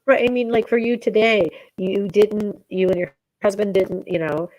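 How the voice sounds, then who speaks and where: A woman co-hosting a casual spiritual chat, retelling an everyday story in an animated way. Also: mid-range voice, moderate pace, low-quality recording. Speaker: co-host.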